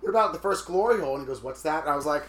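A man in his thirties, co-hosting a casual podcast chat, telling stories in a flamboyant, animated way and acting out the people he quotes. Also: a little high, racing, roomy sound, very noisy. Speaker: podcast co-host.

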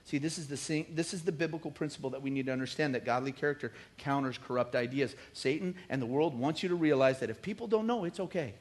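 A middle-aged man preaching a sermon, animated and joking, with rising emphatic bursts. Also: mid-range voice. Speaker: pastor.

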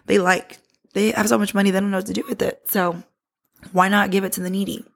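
Profane, gravelly-voiced woman telling a story. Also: medium pitch, fast talker. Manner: candid and heavily profane; lively, animated retelling. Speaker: podcast host. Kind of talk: casual storytelling.

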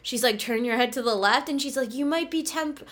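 A woman with a bright, ringing voice, pitched a little above most, chatting casually as a podcast co-host. She tells stories with lots of energy, acting out what people said and laughing along the way. It sounds like she's talking from home. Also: fairly quick. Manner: animated storyteller, acts out quotes, laughs often. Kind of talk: casual chat.

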